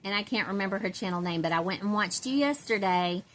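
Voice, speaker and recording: A woman's voice: medium pitch, fast talker, fairly bright tone. A woman from Central Texas, chatting casually and rambling to her viewers, laughing often. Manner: rambling, chatty, laughs often, self-described country girl. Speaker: doll-collecting vlogger.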